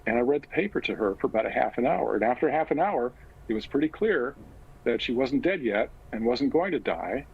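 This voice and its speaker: An older man and physician, recounting a personal story slowly and with measured pauses. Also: medium pitch, expressive, vocal fry, husky, narrow, tinny audio. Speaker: guest, physician and author.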